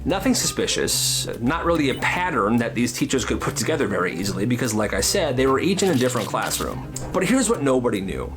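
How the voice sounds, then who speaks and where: A man narrating comedic school stories in a casual, animated way, slipping into character voices. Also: medium pitch, fairly quick. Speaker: storyteller. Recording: music playing behind.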